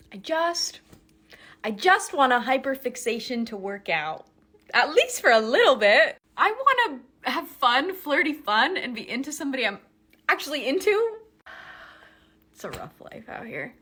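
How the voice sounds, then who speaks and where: A woman's voice: a little high, a bit bright, slightly rough. A woman ranting in a casual vlog, blunt and sarcastic, with frequent swearing.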